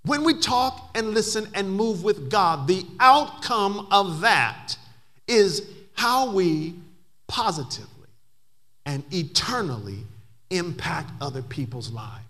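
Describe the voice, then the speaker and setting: Animated bright-voiced male preacher. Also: high voice, takes it slowly. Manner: storytelling with rising emphatic build-ups. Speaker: pastor. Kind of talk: sermon.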